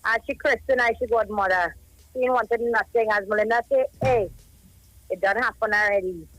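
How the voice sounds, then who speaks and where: A Trinidadian woman in her thirties speaks down a phone line on a live radio show. Her voice sits fairly high and sounds dry and close. She talks in long, grief-laden, rambling runs. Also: normal speed, a bit bright, no room sound. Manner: grieving, rambling, emotional storytelling. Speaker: caller, cousin of a child who died. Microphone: telephone.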